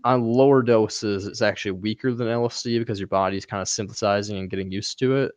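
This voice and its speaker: A young man in casual chat, telling animated stories, laughing often and swearing freely. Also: lowish voice, fast talker, no echo. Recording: dull dry recording.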